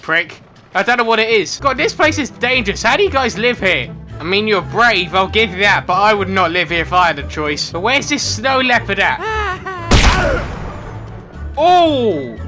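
A young man giving excitable let's-play commentary, yelping and shouting whenever something surprises him. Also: sits high, moderate pace, over music. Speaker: gaming commentator.

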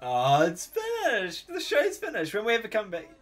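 A man hosting a casual reaction video, excitable and full of exclamations, laughing often. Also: high voice, normal speed.

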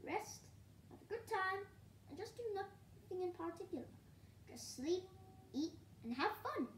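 Bossy bird teacher, woman reading: high caw-caw magpie, chirpy and lively. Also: a little slow, reverberant, recorded from a distance, a little hiss or hum, heavily acted. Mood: eager. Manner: high squawky calls.

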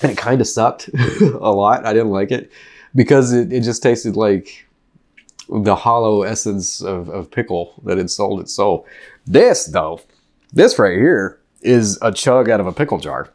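A man's voice: on the low side, lively intonation, a little slow, a little mellow. A man vlogging a drink review to camera in a loose, rambling way, joking and laughing often, still reeling from a very hot chip. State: after eating a very hot chip. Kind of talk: casual chat to camera. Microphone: desk mic.

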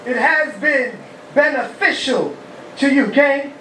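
New rabbi preaching call and response, high voice, echoey hall with a far-off mic. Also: male voice, measured pace, slight background noise. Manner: asks the congregation questions and shouts praise. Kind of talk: lively call-and-response sermon. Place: humid, warm house of worship.

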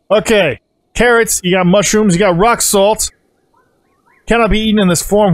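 Man, high voice, let's play commentary, rambling, excitable, swearing, dry close mic. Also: a little fast, no room sound. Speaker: gaming channel host.

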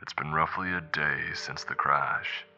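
A man voicing a frightened airline captain recording log messages in a quiet, subdued way. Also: very deep voice, fairly even intonation, a little slow, muffled recording, exaggerated voice.

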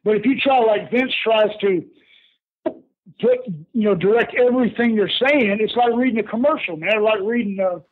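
An older man, a veteran wrestler telling stories in a folksy, animated way as a podcast guest. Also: high voice, normal speed. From Texas. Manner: animated, folksy, laughs often, calls people boss. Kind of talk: casual storytelling on a podcast. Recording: tinny phone line.

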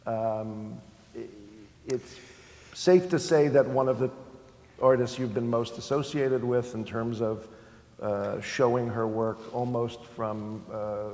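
Male museum director moderating a talk, halting and reflective, long hall reverb. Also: medium pitch, darkish tone. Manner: thoughtful, stammering restarts. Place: lecture hall.

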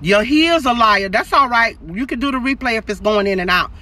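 A woman's voice: fairly high pitch, expressive, fairly quick, bright, forceful tone. Emphatic middle-aged woman preaching. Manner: emphatic, preachy, calls out to viewers. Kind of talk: livestreamed encouraging sermon. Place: parked car in a driveway.

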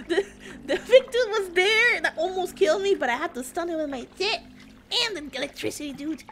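A woman's voice: extremely high pitch, moderate pace, fairly bright tone, slight background noise. A young woman streaming a horror game, panicking, swearing, screaming and laughing as she plays. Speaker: vtuber streamer.

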